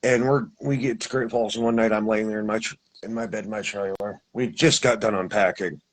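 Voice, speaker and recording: Husky-voiced man telling a rambling story. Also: fairly low pitch, steady tone, fairly quick, rough recording. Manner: rambling, restarts and acts out quoted voices. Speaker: guest telling his experience. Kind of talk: casual storytelling.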